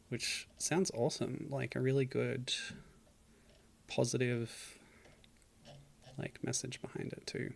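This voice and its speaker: A man's voice: medium pitch, steady tone, slow, gravelly, long pauses. A man streaming a game, chatting casually and reading game text aloud with dry, self-mocking asides. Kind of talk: casual gameplay commentary.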